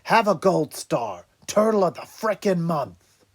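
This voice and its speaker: A man voicing a hot-headed, sarcastic teenage mutant turtle in an audiobook, loud and snappish. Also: sits high, sing-song, unhurried, voice pushed up, heavily acted.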